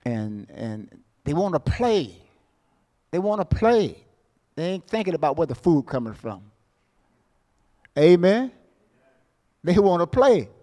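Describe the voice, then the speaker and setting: A middle-aged man preaches with a fairly high voice, calling for amens from his congregation. He drives points home by repeating phrases, jumping from loud bursts to low, soft asides. This is a pastor's Sunday sermon delivery. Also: very animated, slow, pauses often, big-room sound. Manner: call-and-response, asks the congregation for amens; repeats words and phrases for emphasis.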